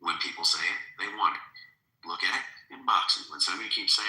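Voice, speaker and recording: A man's voice: lowish voice, a little fast, bright, forceful tone, reverberant, low-quality recording. A man hosting a podcast in casual political talk, earnest and making his points with emphasis. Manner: earnest, building to alarmed emphasis. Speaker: podcast host.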